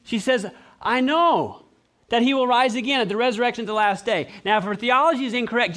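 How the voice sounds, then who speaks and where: A man preaching a sermon, animated and acting out the voices of the people he quotes. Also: extremely high pitch, brisk. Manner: clears throat often.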